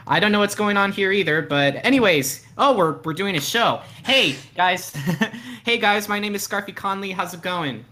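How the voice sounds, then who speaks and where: A man hosting a casual live stream, talking in a playful, halting way with frequent laughs. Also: sits high, animated, bright, forceful tone. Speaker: host.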